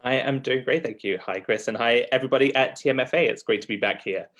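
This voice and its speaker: A man's voice: mid-range voice, quick pace, a bit bright. A man who is a guest accent coach, chatting in a friendly, easygoing way over a video call. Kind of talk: casual livestream chat. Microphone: video call webcam.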